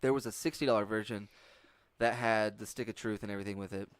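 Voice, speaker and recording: A man hosting a casual podcast chat, talking in quick, halting bursts with casual swearing. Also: lowish voice, steady tone, no room sound. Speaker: podcast host.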